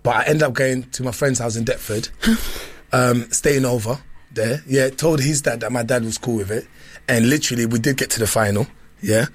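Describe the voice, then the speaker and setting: A man's voice: mid-range voice, normal speed. A man, telling playful stories in casual chat with many restarts. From London. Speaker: guest. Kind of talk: casual storytelling.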